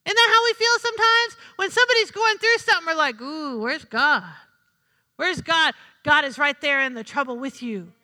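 Lady pastor preaching, super high bright voice, lots of "amen?" back and forth, echoey church hall. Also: steady tone, quick pace, few pauses. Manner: preaching with call-and-response, repeating lines for emphasis. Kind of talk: sermon. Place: church sanctuary. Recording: long hall reverb.

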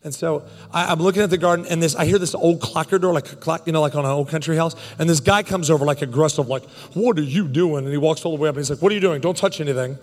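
Male pastor, 30s, animated comic storyteller in a sermon, slightly high voice, reverberant hall. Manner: animated and joking, quick bursts of speech.

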